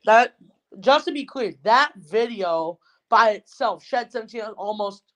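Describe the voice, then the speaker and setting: A woman co-hosting a casual fan podcast, excitable and rambling, full of fillers and restarts. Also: fairly high pitch, a little slow. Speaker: podcast co-host.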